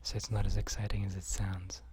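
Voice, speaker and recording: A man's voice: low voice, monotone, brisk, darkish tone, breathy edge. A man in a whispered ASMR live stream chat, rambling in dry, joking asides close to the mic.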